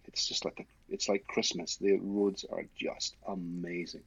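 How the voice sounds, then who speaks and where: Deep husky Scottish man, podcast guest. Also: flat delivery, a little slow, no room sound, highs cut off. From Scotland. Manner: enthusiastic, many restarts and repeated words. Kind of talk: casual interview chat.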